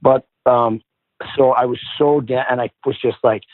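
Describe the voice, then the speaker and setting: A man's voice: mid-range voice, moderate pace, no room sound. A middle-aged man and former hockey player, casually telling stories as a guest, swearing freely and acting out the people he quotes. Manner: animated, profane, acts out quoted people. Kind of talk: casual storytelling. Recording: phone-like dry line.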